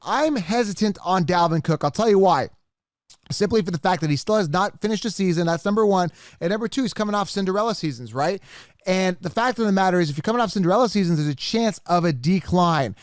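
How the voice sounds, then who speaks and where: A man with a high voice talks through a live mock draft as a fantasy football host. He is animated, addresses his viewers directly and gets exasperated as picks go. The sound is dry and close. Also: fast talker, dry recording.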